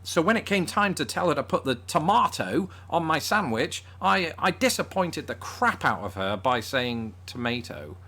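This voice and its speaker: A man's voice: on the high side, very animated, normal speed, few pauses, pushed and bright. A man with a northern English accent presenting a scripted video with dry, self-deprecating humour. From northern England. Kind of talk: scripted comedic commentary.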